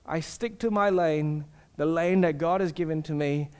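A man's voice: fairly high pitch, normal speed, darkish tone, smooth. A male pastor preaching an earnest, personal sermon, asking the congregation rhetorical questions.

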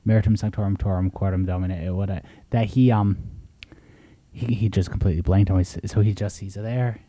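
A man, a priest, co-hosting a casual chat and telling rambling, animated stories. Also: lowish voice, fairly quick, dry recording. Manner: rambling, animated storyteller with laughs. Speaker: priest and podcast co-host.

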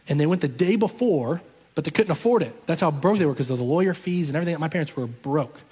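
Husky-voiced man preaching in a big echoing hall. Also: on the high side, quick pace. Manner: animated, acts out voices of people in the story. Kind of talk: storytelling sermon. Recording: long reverb from a large hall.

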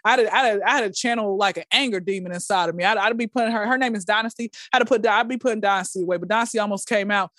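A woman, a podcast guest, telling stories in a casual, animated way and acting out quotes in a high voice. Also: very fast, few pauses, no room sound, clean studio sound. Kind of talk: casual storytelling chat.

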